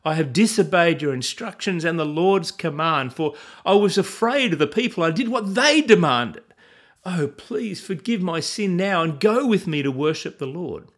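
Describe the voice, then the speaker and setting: A man's voice: fairly high pitch, big pitch swings, normal speed, breathy edge, full character voice. A man reading the part of a defensive, anxious king who makes excuses and pleads, in a Bible reading. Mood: pleading. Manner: pleading, insistent.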